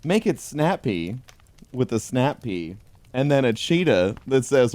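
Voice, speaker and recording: A man giving a deadpan comedic reading of a holiday pun book, with dry delivery. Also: medium pitch, measured pace, no room sound. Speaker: host.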